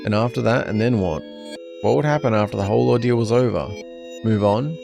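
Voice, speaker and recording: A man's voice: fairly low pitch, fairly quick, gravelly. A man playing a horror game on video, reading its story text aloud in a plain narrating manner with casual asides. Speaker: gaming YouTuber. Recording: game music underneath.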